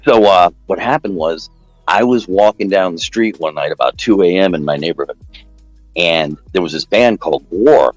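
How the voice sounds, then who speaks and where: A man with a fairly low voice spins a rambling story in casual chat. He grows animated and jumps higher whenever he quotes someone. The sound is close and dry, with faint music playing behind him. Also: moderate pace, dry recording, low-quality recording.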